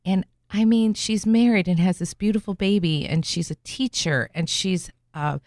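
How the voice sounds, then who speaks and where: A woman's voice: medium pitch, moderate pace, darkish tone, no echo, studio quality. A middle-aged woman hosting a radio show, chatting and telling stories with lots of fillers. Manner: chatty, storytelling, many fillers. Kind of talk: casual radio interview. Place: radio studio.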